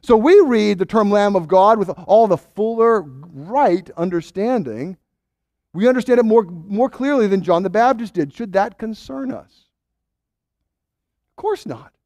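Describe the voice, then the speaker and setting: A man preaching a sermon in a high, very lively voice that swoops up and down. He acts out doubting voices as he goes, with quick restarts. The sound is dry and close. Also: no echo. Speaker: pastor.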